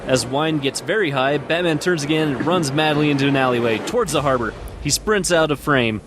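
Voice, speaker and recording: A man's voice: fairly high pitch, fairly quick, background noise. Laughing man reading a comedy script. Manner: reads stage directions with laughs, crude asides. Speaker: podcast host.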